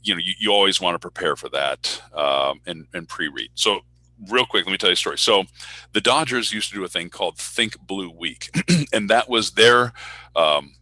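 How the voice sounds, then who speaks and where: A male public address announcer with a low voice and a strong, sharp edge to it. He talks casually over a video call with a dry, close sound, and he slips into other people's voices as he tells his stories. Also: moderate pace, dry recording, low-quality recording. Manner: animated storyteller who acts out voices in anecdotes. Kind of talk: casual talk in an online speaker Q&A.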